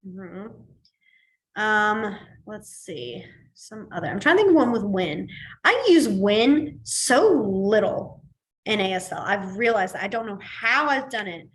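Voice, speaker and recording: A woman's voice: mid-range voice, very animated, a little slow. A young woman teaching a casual class, chatty, with frequent laughs and fillers. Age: young adult. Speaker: sign language teacher.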